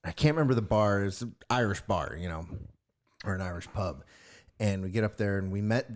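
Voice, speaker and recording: A man with a lowish voice chats casually as a podcast co-host. He rambles through stories, stacking fillers as he goes. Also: a little fast. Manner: rambling storyteller, lots of filler words. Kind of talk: casual chat over drinks.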